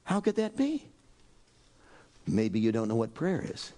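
A man preaching a sermon as pastor, animated and exclaiming, swinging between loud outbursts and soft asides. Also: medium pitch, a little slow.

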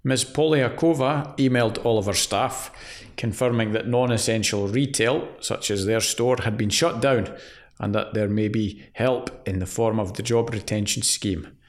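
A man's voice: lowish voice, normal speed. A man co-hosting a casual chat about an employment law case, reading out case details in a dry, wry way. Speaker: podcast co-host.

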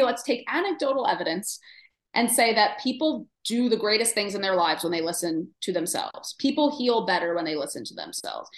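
A medium-pitched woman, sounding reverberant, co-hosts a casual podcast as a nutritionist. She's chatty and full of fillers, and she acts out inner voices in quotes.

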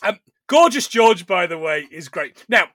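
Animated high-pitched podcast host. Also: male voice, measured pace, dry recording, clean studio sound. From England. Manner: jokey and animated, laughs often. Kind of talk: casual film-review chat.

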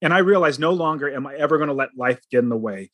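A man's voice: fairly high pitch, animated, quick pace, dry recording. A middle-aged man telling his personal story as a guest, earnest and dramatic, acting out the lines he quotes.

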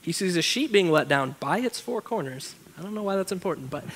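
A man's voice: high voice, expressive, quick pace, fairly bright tone. A young man preaching a casual sermon, reading scripture aloud and breaking off into chatty, joking asides. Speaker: pastor.

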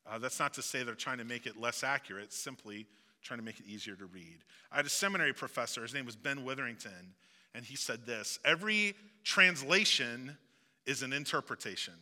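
A man's voice: mid-range voice, expressive, a little fast, sharp tone. A male pastor with a Southeast Missouri accent, preaching a sermon in a conversational way with joking asides. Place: church sanctuary. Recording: long hall reverb.

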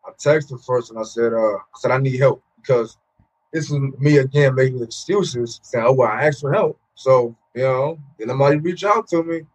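A man's voice: mid-range voice, normal speed. A man in his thirties, a former pro football player, telling his story candidly in an interview, with many fillers and repeated words. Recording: muffled, lo-fi sound.

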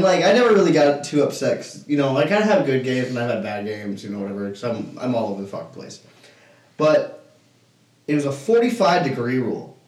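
A man's voice: medium pitch, far from the mic. Male podcast co-host, profane storyteller, recorded off-mic in an echoey room. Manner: heavy swearing, animated retelling of an argument. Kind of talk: casual chat, storytelling. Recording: roomy, off-mic sound.

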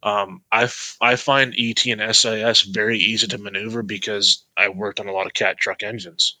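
A man's voice: lowish voice, little pitch movement, moderate pace, pushed and bright, no room sound, poor audio. A man, a mechanic guest on a podcast, talking bluntly and swearing freely in casual chat. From Canada.

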